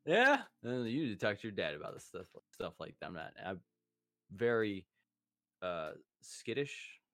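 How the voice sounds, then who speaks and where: A man's voice: lowish voice, very animated, moderate pace, pushed and bright, dry recording, clean studio sound. A man in casual podcast chat with a friend, rambling and profane, laughing often. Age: adult, a parent.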